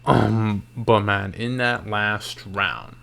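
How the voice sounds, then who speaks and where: A man's voice: lowish voice, fairly even intonation, extremely slow, creaky, fairly bright tone. A tired man recapping MMA fights late at night in loose, slangy casual talk, yawning and restarting his sentences. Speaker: MMA YouTuber.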